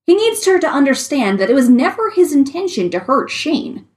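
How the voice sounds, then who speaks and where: A woman reading fan fiction aloud with expressive storytelling. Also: high voice, moderate pace. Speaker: story reader.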